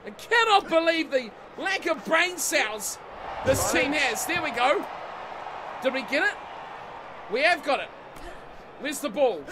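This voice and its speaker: A man giving excitable let's-play commentary on a rugby video game, swearing and yelling at his own team. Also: very high-pitched, a little slow, long pauses, background noise. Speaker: gaming channel host. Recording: game music playing behind the voice.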